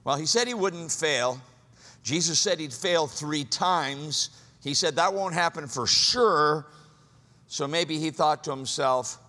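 A man preaching a sermon, swinging from loud, high exclamations to hushed, low asides. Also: takes it slowly, long reverb tail. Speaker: pastor.

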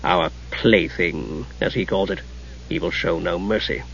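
A man voicing a stern, grim male god in an audiobook, speaking gravely. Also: sits low, measured pace, a bit bright, a little hiss or hum, voice pushed down, exaggerated voice. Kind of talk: audiobook character reading. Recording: muffled lo-fi recording.

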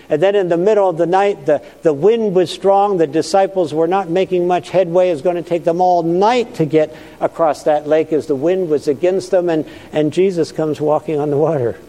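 Male pastor, earnest storytelling sermon, mellow, fairly high voice, long reverb.

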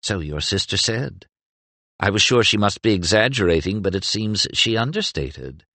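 A man voicing a coy storybook seductress who purrs her words in a throaty, teasing tone. Her low voice swoops up and down as she flirts, and it is recorded dry and close. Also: animated, normal speed, bright, forceful tone, no room sound. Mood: flirtatious. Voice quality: throaty, purring. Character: flirtatious woman, purring and playful.

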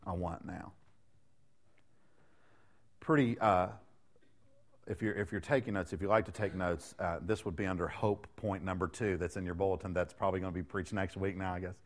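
A man's voice: low voice, steady tone, fairly quick. A middle-aged man preaching a sermon in a conversational way, joking and putting rhetorical questions to the congregation. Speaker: guest preacher.

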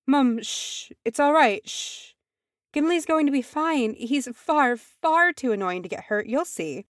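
A woman voicing a young female dwarf who hushes and reassures in quick, urgent bursts. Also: sits high, expressive, no echo, clean studio sound, voice pushed up. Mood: soothing. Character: young female dwarf, soothing her mother.

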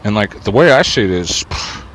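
A man's voice: fairly low pitch, big pitch swings, a little fast, a bit bright. An older man rambling on a city street into a small wire mic, profane and irritable, talking to himself and the camera. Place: outdoors on a city street with traffic. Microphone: small wire mic worn on body. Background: passing cars and motorcycles.

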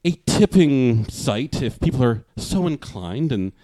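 A man hosting a live-streamed music show, chatting casually and often pausing with "uh" as he reads out viewer comments. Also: mid-range voice, sing-song, warm tone, dry recording. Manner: rambling, fills pauses with uh. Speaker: livestream show host.

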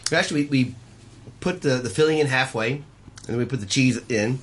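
A man's voice: medium pitch, a little fast, husky. A man chatting as a guest, talking through how he cooks with lots of restarts. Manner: enthusiastic, talks through recipes with many restarts. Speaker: pie shop owner guest. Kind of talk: casual chat.

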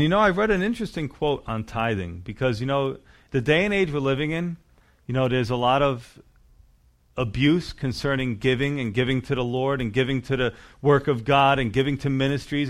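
A male pastor preaching a sermon in a church, talking to the congregation in a conversational way with frequent rhetorical questions. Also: mid-range voice.

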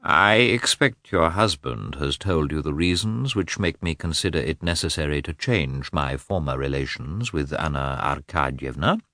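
A man voicing a cold formal husband, clipped, very deep voice, dry close sound, audiobook character. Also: animated, normal speed, few pauses, bright, forceful tone, dry recording, heavily acted. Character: cold, formal, wounded middle-aged husband.

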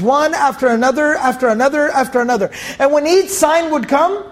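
A man with a strikingly high voice teaches a Quran tafseer lesson in a relaxed, conversational way. He leans on everyday analogies and casual fillers, and repeats phrases for emphasis. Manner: recites verses in a quick chanted cadence.

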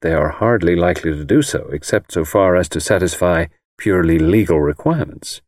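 A man reading the part of a precise, disapproving older lawyer in an audiobook, measured and formal, choosing his words carefully. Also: low-pitched, a little mellow, no echo, clean studio sound, lightly acted.

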